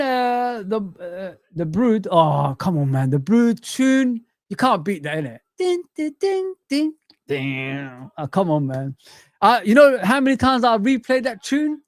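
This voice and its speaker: A young man hosts a casual live stream, ranting and circling back to the same points while reading viewer comments. His voice sits a bit high, and it comes through dry and close with no room sound. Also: darkish tone, no echo. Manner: ranting, repeats himself, reads viewer comments aloud.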